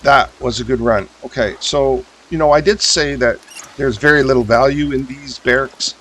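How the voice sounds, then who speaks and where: A man streams a survival game and chats casually to himself while sorting his gear, thinking aloud with mumbled ums and half-started sentences. His mid-pitched, slightly bright voice moves at a moderate pace. The recording is low quality, with a faint hiss of rain in the background.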